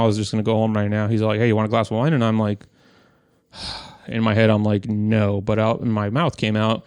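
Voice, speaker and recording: A young man co-hosting a podcast, telling a story in an animated way, swearing and acting out what people said. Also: lowish voice, brisk, clean tone, no echo, studio quality. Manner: animated, profane, acts out quoted voices. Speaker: podcast co-host. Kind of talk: casual storytelling chat.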